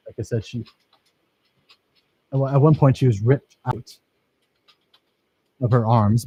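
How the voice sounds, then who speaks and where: A man's voice: mid-range voice, dark tone, breathy edge, no echo, poor audio. A man teaching a filmmaking workshop, talking casually and enthusiastically over his own footage and praising his students.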